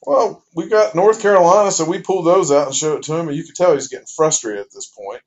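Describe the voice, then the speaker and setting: A man's voice: fairly high pitch, fast. A man casually telling a joke as a personal anecdote, folksy and rambling with fillers. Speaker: storyteller. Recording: dull lo-fi recording.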